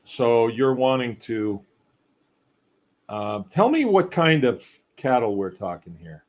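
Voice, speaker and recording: Middle-aged man, folksy and rambling, unhurried drawl, casual host chat. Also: lowish voice, big pitch swings. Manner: rambling, folksy, reads viewer comments aloud. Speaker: podcast host. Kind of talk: casual live-stream chat.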